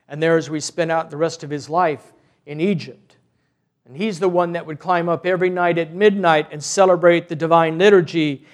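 High-voiced priest telling a story. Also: male voice. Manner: earnest storytelling, unhurried, with restarts. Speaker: parish priest. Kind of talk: sermon with a retold story.

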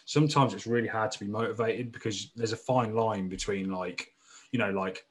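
A man's voice: on the low side, steady tone, normal speed. A man from the English Midlands co-hosting a podcast, talking casually in a chatty, musing way. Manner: chatty, musing, full of fillers. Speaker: podcast co-host. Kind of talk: casual chat.

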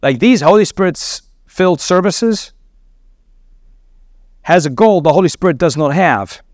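Earnest preacher man, higher voice, dry sound. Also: expressive, unhurried, darkish tone, no echo. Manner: earnest teaching with rhetorical questions and occasional laughs. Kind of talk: sermon.

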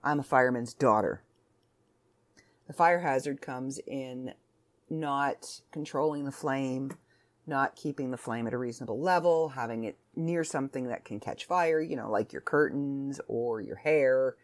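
A woman's voice: very deep voice, a little slow. A woman hosting a casual solo podcast from home, chatting in a rambling, self-interrupting way. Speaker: podcast host.

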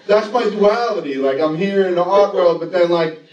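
A man's voice: high voice, normal speed, muffled recording, very noisy. Rambling, profane man telling stories on stage. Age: adult. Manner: rambling, profane, self-mocking. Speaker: storyteller on stage. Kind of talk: live storytelling to an audience. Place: live venue with an audience. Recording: roomy live venue, distant mic, audience laughter. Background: audience laughter.

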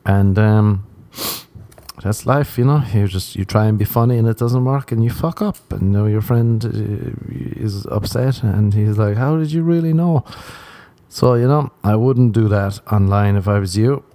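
A man's voice: lowish voice, steady tone, unhurried, mellow, no echo. A young man hosting a podcast, rambling through a crude comic monologue and laughing at his own jokes. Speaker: podcast host.

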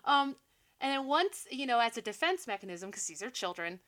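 A woman's voice: fairly high pitch, sing-song, a little fast, fairly bright tone. A young woman co-hosting a podcast, animatedly recapping a movie with sarcastic asides and frequent laughs. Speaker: podcast co-host. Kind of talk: casual movie recap chat.

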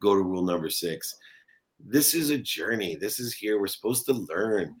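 Very deep-voiced motivational man. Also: lively intonation, moderate pace. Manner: earnest, motivational, emphatic. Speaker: interview guest. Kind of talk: motivational conversation.

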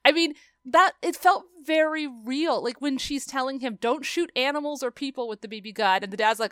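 A woman's voice: a bit bright, smooth, no echo. A woman in her thirties co-hosting a podcast, reviewing a movie in casual, effusive chat and acting out quotes. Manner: effusive, quick shifts in pitch, acts out quotes. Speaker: podcast co-host.

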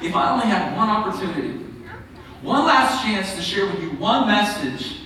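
A man preaching an Easter sermon in church, emphatic and swinging between soaring calls and hushed asides. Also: high-pitched, a little hiss or hum. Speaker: pastor. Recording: echoey hall from far off.

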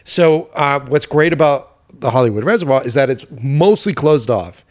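A podcast host with a mid-range voice tells stories in casual conversation at a moderate pace. He's animated, swears freely, and plays up mock outrage.

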